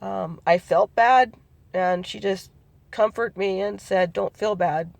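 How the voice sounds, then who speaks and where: A middle-aged woman with a gravelly, creaky edge recounts a family memory in a halting, rambling way, full of ums and restarts. She slips into the voices of her relatives as she quotes them, and the sound is close and dry. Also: mid-range voice, no room sound. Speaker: family storyteller. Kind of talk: personal recollection.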